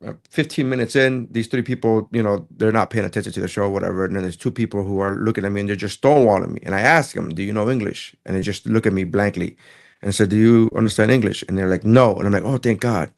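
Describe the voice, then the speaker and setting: Male comedian, podcast co-host, quick casual storyteller who acts out quotes. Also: lowish voice, vocal fry. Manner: animated, acts out dialogue in quotes.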